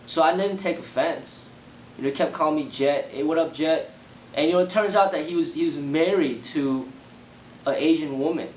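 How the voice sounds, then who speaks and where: A young man casually recounting personal experiences in a rambling way, full of repeated fillers. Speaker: martial arts channel host. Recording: echoey room with faint rumble.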